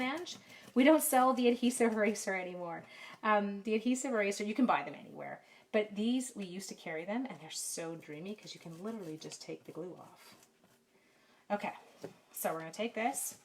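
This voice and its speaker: A woman's voice: mid-range voice, a little hiss or hum. A middle-aged Canadian woman leading a live card-making lesson from her home craft room, chatty and self-deprecating, talking to viewers by name. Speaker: stamping craft demonstrator. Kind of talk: live-stream craft tutorial with chat. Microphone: camera mic.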